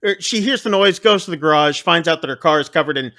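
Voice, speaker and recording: Man, podcast co-host, casual recap, rambling, fairly high bright voice. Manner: rambling, acts out characters' lines in quick voices. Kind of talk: casual movie recap chat.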